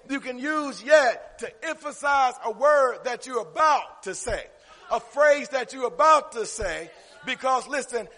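A man preaching a sermon, calling out to the congregation and building up to shouts. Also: very high voice. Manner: call-and-response preaching, rising to shouts. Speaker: pastor. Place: church sanctuary. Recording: long reverb of a church hall.

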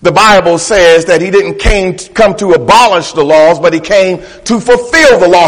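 A man's voice: high-pitched, measured pace. A man preaching a sermon, pressing his points by repeating phrases and calling out to the congregation. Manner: emphatic, repeats phrases for effect. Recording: echoey hall reverb.

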